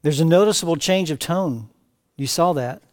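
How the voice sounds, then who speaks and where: A man preaching a verse-by-verse sermon as pastor, reading scripture aloud with rising emphatic cries and then dropping to quiet asides. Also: on the high side, normal speed. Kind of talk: expository sermon. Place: church sanctuary.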